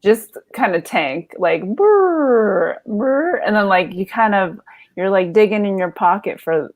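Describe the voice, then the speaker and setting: A woman's voice: medium pitch, moderate pace. A woman in her thirties telling a comedy story, rambling and self-deprecating with lots of fillers and laughs.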